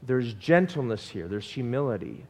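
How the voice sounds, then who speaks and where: A man preaching a sermon in an animated way and asking the congregation questions. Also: mid-range voice, moderate pace, long reverb tail. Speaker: pastor.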